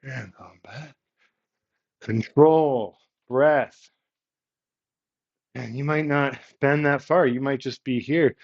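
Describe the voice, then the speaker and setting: A male yoga instructor guides a class through poses with calm, encouraging cues, taking his time between each one. His voice sits at an ordinary pitch and comes through a slightly dull, lo-fi recording. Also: takes it slowly, creaky, pauses often. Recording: slightly muffled, lo-fi audio.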